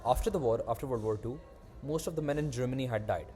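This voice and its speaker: A young man hosting a casual podcast, telling animated, rambling stories and swearing freely. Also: mid-range voice, fast, faint music behind. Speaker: podcast host. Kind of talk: casual chat.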